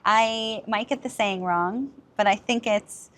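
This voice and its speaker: A woman chatting in a casual interview, animated and full of asides and fillers. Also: medium pitch, takes it slowly. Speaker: interviewee, community member.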